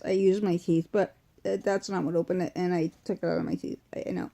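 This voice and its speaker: A woman's voice: on the low side, flat delivery, quick pace, gravelly, dark tone. Woman, Massachusetts accent, chatty vlog, rambling with fillers, sick and weak, phone mic at home. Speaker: vlogger. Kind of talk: casual unboxing chat. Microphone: phone or webcam close in front.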